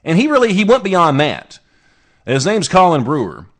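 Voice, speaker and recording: A man from the States hosts his own show and riffs on strange news with a sarcastic, rambling delivery. His pitch swings widely as he jokes through each story. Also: huge pitch swings, normal speed. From United States. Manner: sarcastic, rambling asides with restarts. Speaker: podcast host. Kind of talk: casual comedic news commentary.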